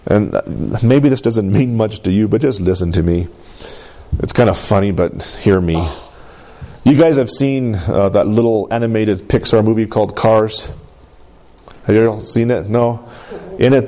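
A man's voice: lowish voice, warm tone. A man preaching a sermon in a conversational way, often checking in with his congregation. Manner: conversational, keeps asking the congregation "Amen?". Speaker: pastor.

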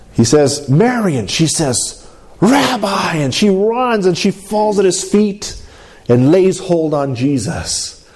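Mellow-voiced man preaching a sermon. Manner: preaching with call-and-response, asking for amens; swings from high emphatic to low drawn-out delivery. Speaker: pastor.

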